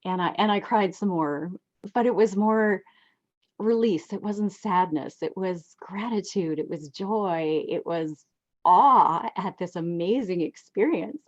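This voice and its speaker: A woman in her sixties telling heartfelt personal stories as a guest, reflective and expressive, on a dull lo-fi recording. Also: unhurried. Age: 60s. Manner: heartfelt, reflective, lively swings in pitch. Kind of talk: personal storytelling.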